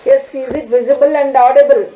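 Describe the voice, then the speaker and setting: A woman teaching an online law class, talking haltingly with many fillers and restarts. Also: high voice, steady tone, roomy sound, muffled recording.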